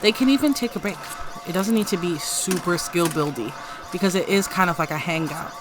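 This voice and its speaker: A woman's voice: lowish voice, a little fast, noisy background. A woman giving casual, chatty let's-play commentary on a life-simulation game, giggling often. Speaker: gameplay creator.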